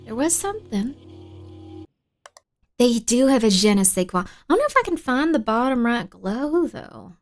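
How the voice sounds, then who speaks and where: A woman streaming a spooky game, chatting playfully with viewers, dropping to whispers while searching and bursting into excited shouts. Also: a little high, normal speed, long pauses, faint music behind. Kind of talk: casual live-stream gaming chat.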